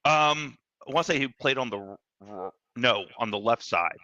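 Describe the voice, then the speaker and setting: A man's voice: medium pitch, animated, normal speed, sharp tone, dry recording. A man co-hosting a casual live stream, laid-back and chuckling. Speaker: co-host. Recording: dull lo-fi sound.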